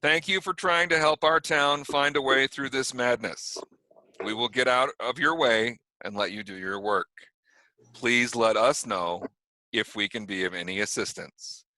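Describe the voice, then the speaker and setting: A man's voice: medium pitch, unhurried, pushed and bright, no echo. A man voicing a formal, solemn male small-town sheriff with a New York accent in a tabletop game. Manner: formal official apology.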